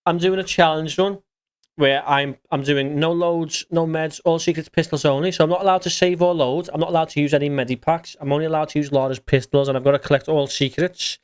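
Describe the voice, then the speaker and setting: A man with an English accent chats loosely while streaming a game, reading out viewers' comments and answering them between moves. His voice sits a touch higher than most men's. The talk is relaxed and rambling, close to the mic. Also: brisk, clean tone. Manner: chatty, reads out and answers viewer chat while playing. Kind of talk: casual live-stream chat.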